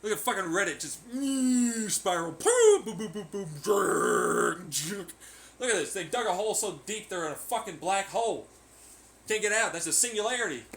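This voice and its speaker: A man's voice: high-pitched, lively intonation, fairly quick, fairly bright tone. A man delivering a profane, sarcastic vlog rant, mocking the people he talks about in imitation voices. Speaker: vlogger. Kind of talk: ranting vlog commentary.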